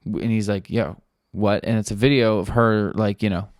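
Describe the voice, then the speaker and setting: A young man hosts a podcast in casual, rambling talk, loaded with fillers and swearing. His voice sits slightly low. The recording is dry and close, with no room sound. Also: a little fast, dry recording. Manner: loose, rambling, lots of fillers and profanity; acts out quoted people in a flat offhand voice. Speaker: podcast host. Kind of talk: casual storytelling chat.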